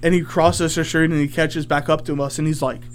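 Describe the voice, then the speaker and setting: Animated young man telling a story. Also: fairly high pitch, brisk, slight background noise. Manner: animated, rambling with many fillers. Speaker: radio show host. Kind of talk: casual storytelling chat.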